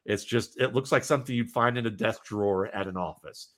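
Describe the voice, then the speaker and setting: A man's voice: on the low side, fairly quick. A talkative man chatting as a podcast guest, rambling with many restarts. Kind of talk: casual podcast conversation.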